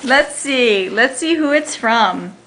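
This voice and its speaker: A woman's voice: on the high side, lively intonation, slow, heavy background noise. A woman filming at home, talking to her dog in a cooing, baby-talk manner. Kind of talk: home video chat.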